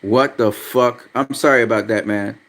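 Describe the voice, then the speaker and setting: A blunt, foul-mouthed man runs a casual boxing livestream, growing easily irritated as he goes through viewer comments. He speaks at a moderate pace with a medium pitch and a steady, fairly bright tone.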